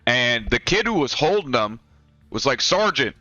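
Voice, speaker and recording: A man's voice: medium pitch, very animated, normal speed, bright, forceful tone, no echo. A young man, a former Marine, casually telling a rambling, profane story while pointing things out on a map. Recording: dry, dull lo-fi sound with faint music.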